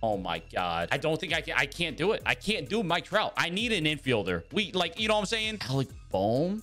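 Excitable male gaming commentator, slightly high voice with big pitch swings, talks straight to viewers over soft music. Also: normal speed, few pauses. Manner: excitable, reacts loudly to pack pulls and plays. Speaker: gaming YouTuber. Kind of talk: gameplay commentary with voice-over narration.

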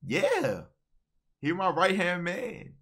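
A young man hosting a casual livestream chat, animated and teasing, cutting in with quick repeated words. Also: sits high. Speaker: streamer host.

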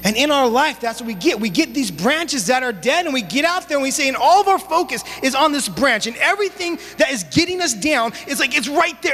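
A young man preaching a sermon as youth pastor, telling stories in a casual, animated way with relaxed slang. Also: extremely high pitch, fairly quick, hardly any pauses. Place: church sanctuary. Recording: long church hall reverb, faint hum.

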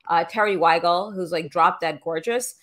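A woman's voice: on the low side, normal speed, a bit bright. Woman guest on a call, blunt and salty, filler-heavy and offhand. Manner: blunt, profane and dismissive, with lots of "like" and "um". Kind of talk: casual podcast chat.

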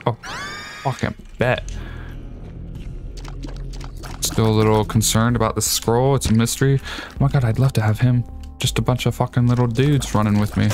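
Man, gaming commentary, profane, excitable, game music clearly audible. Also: medium pitch, brisk. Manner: profane, excitable, yells at enemies. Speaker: gaming streamer. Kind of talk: let's play commentary.

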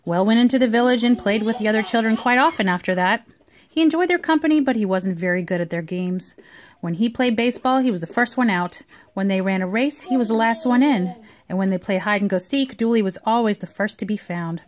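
A woman reading a picture book aloud to a young child at home, with expressive storytelling. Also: mid-range voice, fairly quick. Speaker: reader.

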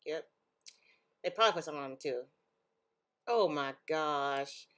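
A young woman vlogger casually reacting to online posts, talking in an animated way and often breaking into laughs and exclamations. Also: sits low, moderate pace.

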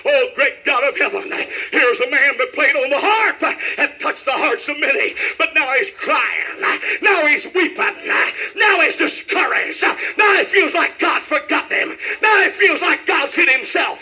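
A man preaching a shouted sermon in a church, rhythmic, with whoops and laughter. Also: very high voice, animated, measured pace, few pauses, faint music behind. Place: church tabernacle.

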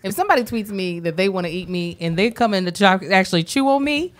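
A woman co-hosting a comedy podcast, ranting loudly and expressively with lots of laughter. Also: medium pitch, fast. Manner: loud, laughing, expressive storytelling rants. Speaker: podcast co-host.

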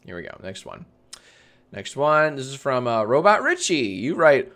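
A man's voice: fairly low pitch, lively intonation, unhurried, a bit bright. A man hosting a casual live stream, reading viewer comments aloud, swearing freely and often breaking into laughter. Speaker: livestream host.

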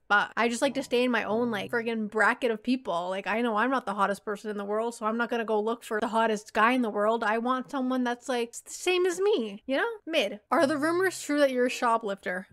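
A woman's voice: on the high side, brisk, few pauses, a bit bright. Blunt, foul-mouthed young woman YouTuber. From Canada. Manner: blunt, profane and joking. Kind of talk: casual Q&A answering viewer questions.

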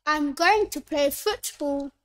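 A woman voicing a young holiday traveller in a scripted textbook dialogue, slow and careful, played back from a lesson video. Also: sits high. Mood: cheerful.

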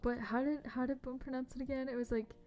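A young woman streaming a game, chatting casually and bubbly with her viewers, often dropping to a soft whisper. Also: high voice, fairly even intonation, quick pace. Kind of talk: casual livestream chat. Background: faint background music.

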